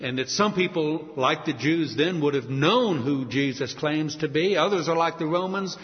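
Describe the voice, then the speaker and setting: A man preaching a sermon with emphasis, asking rhetorical questions and swinging between loud and soft. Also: a little high, normal speed. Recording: dull, echoey hall sound.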